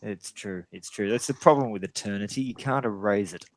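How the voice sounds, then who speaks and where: A man's voice: on the low side, a little fast, slight background noise. A man co-hosting a casual live-streamed talk show with dry, wry humor. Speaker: co-host.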